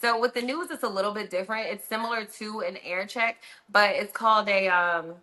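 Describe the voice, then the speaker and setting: A woman's voice: mid-range voice, a little fast, pushed and bright. A woman who works as a radio host, a guest on a podcast, giving frank advice in casual conversation.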